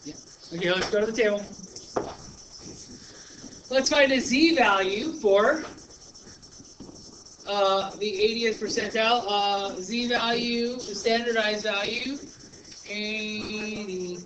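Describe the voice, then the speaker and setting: A male teacher working through a problem step by step in a classroom lesson, chatty and thinking out loud. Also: sits high, slow, pauses often. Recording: noisy classroom recording.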